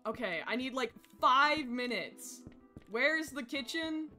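A woman streams a horror game with a bright, piercing voice. She shouts and swears at the game characters and then drops into quiet asides, with faint music underneath. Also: sits high, lively intonation. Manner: rapid swings to quiet asides.

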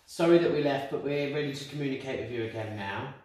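A man hosting a paranormal investigation as a medium, excitedly relaying spirit messages inside an old control tower. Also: medium pitch, quick pace. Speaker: medium and ghost-hunt host. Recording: echoey room, distant mic.

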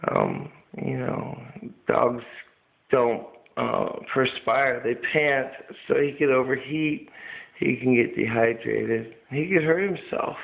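A man's voice: mid-range voice, slow pace, gravelly, phone-quality sound. A man at home filming his dog, chatting casually and coaxingly to the camera and swearing now and then. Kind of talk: casual home video commentary. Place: at home indoors.

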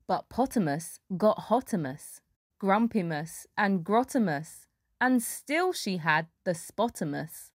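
A woman reads a rhyming picture book aloud at an unhurried pace. Her voice swoops up and down with storybook expression. The recording is dry and close. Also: medium pitch, no echo. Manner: lively, puts on little voices for the animals.

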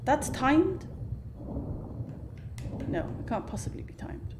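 A woman's voice: high voice, sing-song, slow pace. A woman streaming a video game, chatting casually, talking to the game and its creatures and laughing often. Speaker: gaming streamer. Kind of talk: casual let's-play commentary. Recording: audible background noise.

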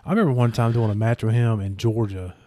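A young man with a mellow, warm voice spins a long story on a podcast. He rambles and swears, leaning on lots of fillers. His voice sounds dry and close, with no room around it. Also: mid-range voice, fast talker, dry recording. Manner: rambling and profane, full of fillers. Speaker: podcast host. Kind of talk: casual storytelling chat.

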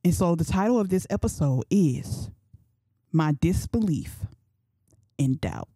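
A young woman in her twenties hosts a faith podcast, chatting in a loose, slangy way and thinking out loud as she goes. Her voice sits low and sounds mellow and relaxed. The sound is dry and close, with no room echo. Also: unhurried, breathy edge. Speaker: podcast host. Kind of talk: casual faith talk.

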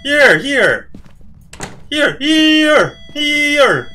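A man playing a horror game answers in slow, short, hesitant calls and sudden exclamations. His voice is high and jumps around a lot in pitch. Faint background noise sits under it. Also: sing-song, pushed and bright.

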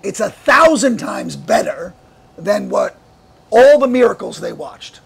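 High-voiced, gravelly male preacher. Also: a little slow. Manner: animated, asks the congregation many rhetorical questions; laughs often between points. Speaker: pastor. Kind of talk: sermon.

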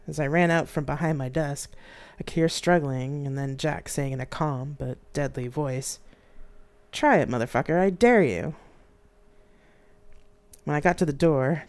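An author reads their own novel aloud in a medium-pitched voice, giving an expressive, dramatic live-streamed narration.

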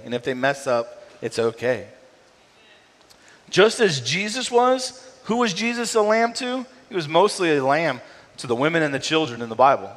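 A middle-aged man preaching a sermon in a casual, conversational way, often tagging his points with a quick question to the room. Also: on the high side, a bit bright. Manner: conversational, frequent tag "right?". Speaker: pastor. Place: church sanctuary. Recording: long hall reverb.

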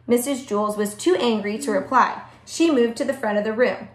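A woman's voice: fairly high pitch, brisk. A woman reading a children's book aloud to a class, adding chatty asides and laughing at the text. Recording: echoey room.

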